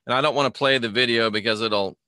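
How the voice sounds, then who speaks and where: A man with a bright, forceful voice hosts a live stream, reading an article aloud and chatting about it in a loose, rambling way. He breaks off to greet viewers by name, and the sound is dry and close. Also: medium pitch, fast, no room sound. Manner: reads an article aloud and comments on it. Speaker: host of a live Christian online show.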